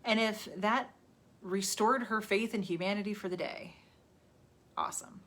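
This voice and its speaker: A woman's voice: medium pitch, moderate pace, fairly bright tone. A woman hosting a live stream, giving a casual motivational talk in a chatty, rambling way and laughing at herself. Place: indoors, livestream. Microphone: phone or webcam on a live stream.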